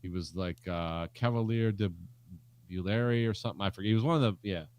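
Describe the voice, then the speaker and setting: Middle-aged man, casual podcast co-host, jokey, rambling, lowish voice, dry close sound. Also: fast, a little mellow, no echo. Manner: rambling, jokey storyteller with many fillers. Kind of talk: casual film podcast chat.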